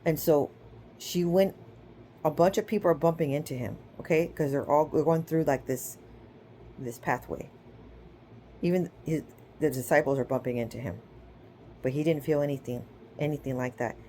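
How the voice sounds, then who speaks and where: A woman with a low-sitting, warm voice speaks at normal speed with long pauses, over slight background noise. Chatty and informal, she gives a casual spiritual teaching, retelling scripture stories with acted-out quotes and checking in with listeners using "okay?" and "right?".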